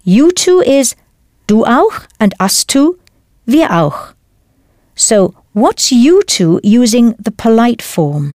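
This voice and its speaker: Slow, lively woman teaching a language. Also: on the high side, no room sound, studio quality. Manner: clear, careful teaching delivery, spells out words. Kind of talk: scripted language lesson narration.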